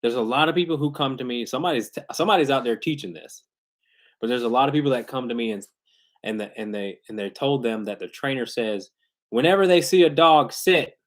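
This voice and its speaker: A man's voice: mid-range voice, fast. A man who trains dogs, talking loosely and casually in a live question-and-answer stream, full of slang and restarts. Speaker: dog trainer hosting a live Q&A. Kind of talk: casual livestream talk. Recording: glitchy internet livestream.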